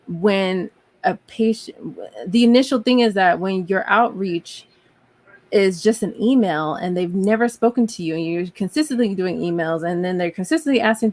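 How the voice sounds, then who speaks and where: A woman's voice: medium pitch, darkish tone. A woman in a casual chat, speaking earnestly and emphatically as she vents about work.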